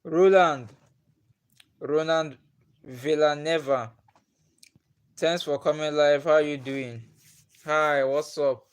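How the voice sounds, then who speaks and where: A man's voice: fairly high pitch, steady tone, slow pace, long pauses, smooth. A young Nigerian man with a Nigerian accent, casually chatting with viewers on his live stream, greeting them by name and laughing often. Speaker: livestream host.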